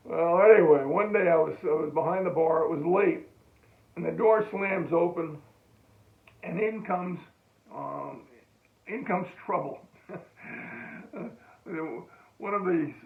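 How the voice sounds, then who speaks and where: Older guy telling an old war story, gravelly, stops and restarts a lot, chuckles, tinny echoey sound. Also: a little high. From United States. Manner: halting, many restarts and chuckles. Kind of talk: oral history storytelling. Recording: tinny phone-like echoey room.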